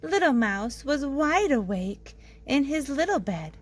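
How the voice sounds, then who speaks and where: A woman teacher reading a picture book aloud with slow, expressive storytelling. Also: high-pitched, poor audio.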